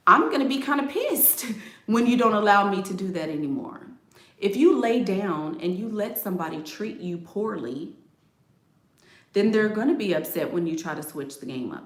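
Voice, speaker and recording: A woman hosts a casual relationship advice livestream, reading viewer comments and addressing them directly and sassily with laughing asides. Her medium-pitched voice has lively intonation and a normal pace, recorded in an echoey room.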